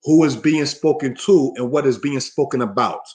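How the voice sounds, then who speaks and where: A man teaching a Hebrew class over slides, repeating points and calling listeners brothers and sisters, saying vocabulary slowly. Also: mid-range voice, darkish tone, slightly rough. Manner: says vocabulary slowly and deliberately. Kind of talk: slide-based language lesson.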